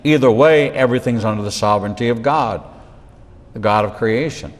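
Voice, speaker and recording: A man preaching a Bible lesson in a large hall, his voice carried on a long reverb tail. He speaks at a mid-range pitch, leaning on repeated phrases for emphasis and dropping in dramatic pauses and joking asides. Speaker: rabbi teaching the Bible. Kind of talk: sermon-style Bible teaching.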